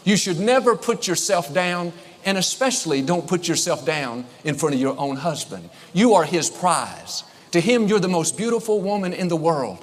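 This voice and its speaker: A middle-aged man preaching a sermon, upbeat and emphatic, drawing out affirmations slowly. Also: fairly high pitch, very animated. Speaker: pastor. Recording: long hall reverb, faint noise.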